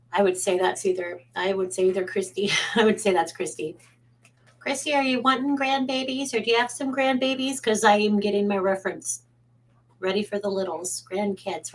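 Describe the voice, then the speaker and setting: A woman's voice: mid-range voice, moderate pace, rough recording. A woman psychic at home, chatting casually on a live stream in a rambling way and greeting viewers by name.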